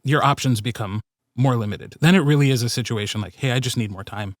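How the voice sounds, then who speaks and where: A man hosting a podcast about audiobook narration, talking in a measured way with some hesitant fillers. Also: mid-range voice, no room sound, studio quality. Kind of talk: casual podcast discussion.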